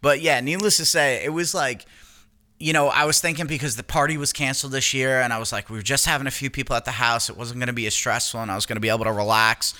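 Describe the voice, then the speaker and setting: Guy ranting about his holidays on a podcast, cussing a lot, acts out everybody, tense bright tone. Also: mid-range voice, quick pace. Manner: profane, animated, acts out quotes. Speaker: podcast co-host. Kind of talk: casual storytelling chat.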